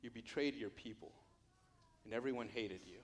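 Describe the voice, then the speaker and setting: A man's voice: a little high, animated, normal speed, lightly acted. A man voicing Jesus as an earnest teacher who questions his disciple in repeated, searching lines that swell into urgent appeals. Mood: tender.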